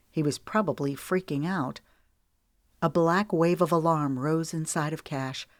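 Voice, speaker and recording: Steady woman reading a romance audiobook. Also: sits low, no room sound, studio quality. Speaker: audiobook narrator.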